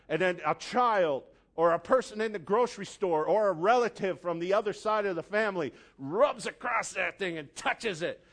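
A man preaching a sermon with animated delivery, acting out voices with sudden high squeals. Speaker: pastor.

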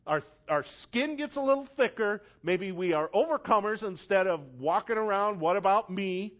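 A man preaching a sermon, telling a story dramatically and building from quiet, hushed lines to loud, forceful appeals. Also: sits high, lively intonation, normal speed.

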